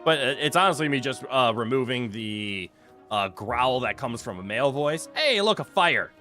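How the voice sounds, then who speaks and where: A man's voice: mid-range voice, moderate pace, pushed and bright, faint music behind. A man streaming a video game, chatting playfully with his viewers and laughing often. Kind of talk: casual gameplay commentary.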